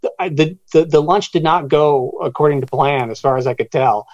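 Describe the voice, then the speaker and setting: Guy telling a story with lots of stammers and restarts, slightly high voice, dull lo-fi dry sound. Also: no echo. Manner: halting, many restarts, animated retelling with quoted voices. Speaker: author guest. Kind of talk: storytelling interview.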